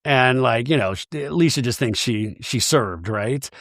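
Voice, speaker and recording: A man's voice: medium pitch, unhurried, no echo, studio quality. A man hosting a reality TV recap, chatting casually and animatedly, often slipping into quoted voices. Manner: animated, gossipy, quotes cast members in put-on voices; emotional, laughs often. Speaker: podcast host recapping reality TV. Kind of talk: casual chat.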